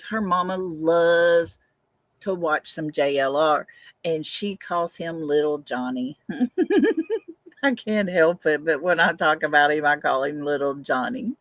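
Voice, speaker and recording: A woman's voice: low voice, measured pace, a bit bright, dry recording, lo-fi sound. An older woman hosting a casual livestream, chatting, answering viewer comments and laughing often. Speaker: livestream host.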